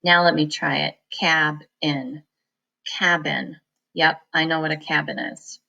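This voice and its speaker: A woman teaching a reading lesson, sounding out words slowly, syllable by syllable, for students. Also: low-pitched, level tone, vocal fry, sharp tone, muffled recording. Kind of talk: phonics lesson.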